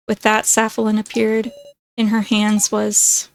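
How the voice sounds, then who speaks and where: Slow-reading woman playing a game. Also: medium pitch, monotone, creaky, a little hiss or hum. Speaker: let's play host. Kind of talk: reading a visual novel aloud.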